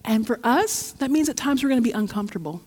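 A woman preaching a sermon in a church, telling a story in a lively, heartfelt way. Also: a little high, quick pace, slightly rough. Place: church sanctuary. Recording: long church reverb.

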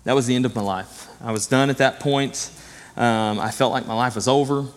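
Speaking briskly at a medium pitch, a middle-aged man delivers an earnest, direct sermon to his congregation in a conversational style. He threads in personal stories, and the church sanctuary rings with long hall reverb.

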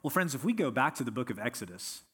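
Man, pastor, sermon, husky voice, earnest, emphatic. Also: mid-range voice, very animated, fairly bright tone. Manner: earnest, emphatic preaching with slowed stresses.

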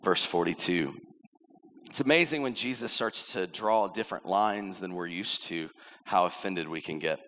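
A man's voice: low voice, normal speed, a bit bright, a little hiss or hum. A middle-aged male pastor preaching a sermon in a conversational way, acting out quoted lines as he tells a story. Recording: long hall reverb.

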